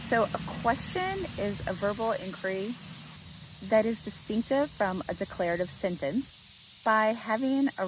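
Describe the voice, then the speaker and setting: A woman talks parents and caregivers through a lesson in a gentle, explanatory way. She acts out sample phrases with exaggerated rises in her voice. Her pitch sits in a middle range for a woman, and faint insect sounds from outdoors hum in the background. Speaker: parenting educator. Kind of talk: instructional talk to parents.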